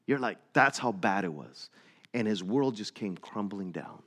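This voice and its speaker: A middle-aged man, a missionary preacher, telling a story in a sermon with slides, in an earnest way that climbs higher and louder as he gets into it. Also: animated, measured pace.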